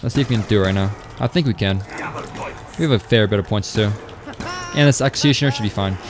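A man's voice: on the low side, fast, over music. A young man live-streaming a game, chatting casually and reading out viewer messages as he plays. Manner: casual, rambling, reads chat aloud. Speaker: gaming streamer. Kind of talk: live stream chat while gaming.

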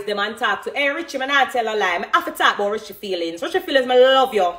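This dancehall artist, a Jamaican-accented woman in her thirties, is on a phone live stream, laughing a lot as she reads comments in a casual chat. Her voice is on the high side, slightly bright, and a little fast.

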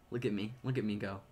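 A man's voice: lowish voice, a little mellow, slight background noise. A young man streaming live, chatting casually and reacting playfully to viewer drawings.

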